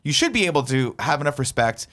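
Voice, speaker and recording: A man's voice: mid-range voice, big pitch swings, fast, a bit bright. A man, a podcast co-host, telling a heated story in casual chat and swearing a lot.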